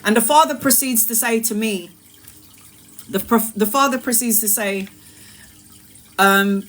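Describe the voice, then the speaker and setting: A woman's voice: on the high side, unhurried, pauses often, a bit bright. A woman tarot reader talking on a live stream. She is emphatic and repetitive, calls viewers endearing names and swears freely. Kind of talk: live-streamed spiritual talk.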